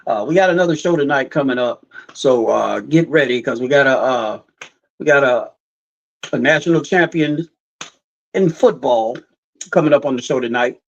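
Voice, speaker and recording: A man's voice: medium pitch, normal speed, pauses often, dull audio. A middle-aged man hosting a live sports podcast, rambling and emphatic, repeating his points. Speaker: podcast host. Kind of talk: casual sports talk.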